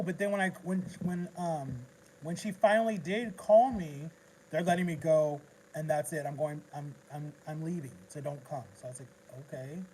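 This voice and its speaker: A man's voice: on the high side, normal speed, dark tone, a little hiss or hum, rough recording. Rambling man telling an emotional story. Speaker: vlogger. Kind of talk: casual rambling livestream chat.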